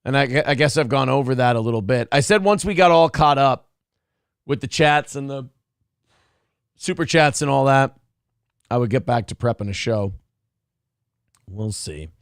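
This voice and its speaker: A man hosting a casual livestream, reading super chats in a profane, rowdy way with sudden loud outbursts, a little drunk. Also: mid-range voice, expressive, moderate pace, long pauses, smooth, no room sound, clean studio sound. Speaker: livestream host.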